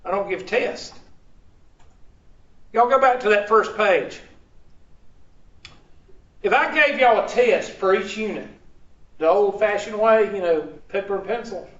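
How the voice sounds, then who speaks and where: A man's voice: high-pitched, measured pace, pauses often, fairly bright tone. Southern man lecturing in an echoey classroom. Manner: joking, asks the class to fill in words. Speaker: math instructor. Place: large classroom. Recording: echoey, dull, distant classroom recording.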